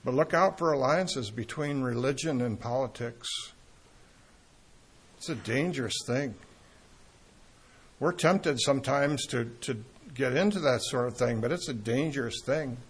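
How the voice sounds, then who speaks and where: A man preaching a sermon in an earnest, emphatic way, pausing often and restarting phrases. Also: medium pitch, husky.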